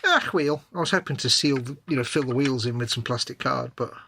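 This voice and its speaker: A British man works on a model kit during a live stream, chatting casually, muttering and teasing himself as he fiddles with the parts. His mid-range voice is gravelly and husky, and he speaks fairly quickly. The recording is dry, with loud background noise and keyboard clicks.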